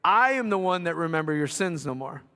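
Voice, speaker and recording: Middle-aged male pastor, high and bright, chatty with self-deprecating asides, recorded in a reverberant gym. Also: lively intonation, fairly quick. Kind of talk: sermon. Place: school gymnasium. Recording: long reverb of a gymnasium.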